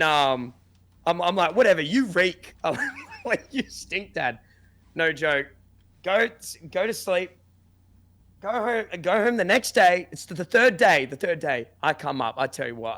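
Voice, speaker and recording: A young man tells a story in a loose, animated way, acting out quotes and swearing freely. His voice sits a little high, with a very bright, forward tone. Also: unhurried. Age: young adult. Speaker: podcast guest. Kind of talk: casual chat, storytelling.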